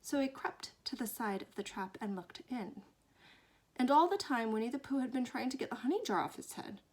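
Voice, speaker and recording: Woman reading a kids story out loud, husky airy voice, swoops up and down a lot, goes all whispery sometimes. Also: on the high side, brisk. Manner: expressive, dips into hushed whispers, fond. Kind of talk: reading a children's book aloud.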